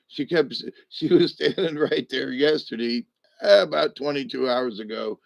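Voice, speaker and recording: An older man chatting casually to his viewers, drowsy and a little medicated after a hospital stay, meandering and halting with many restarts. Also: mid-range voice, gravelly, no room sound. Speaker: vlogger talking to live chat. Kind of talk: rambling casual chat to viewers. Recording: dry, dull lo-fi home recording.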